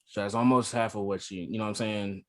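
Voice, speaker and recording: A man's voice: lowish voice, fairly even intonation, fast. A man co-hosting a podcast in casual chat, laughing easily and putting questions to the women.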